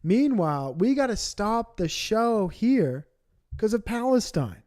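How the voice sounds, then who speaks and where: A man with a high-pitched voice rants on a livestream. He swears often and rambles from point to point in coarse, heated reaction commentary. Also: very animated, slow, a little mellow. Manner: profane, ranting, rambling. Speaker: streamer.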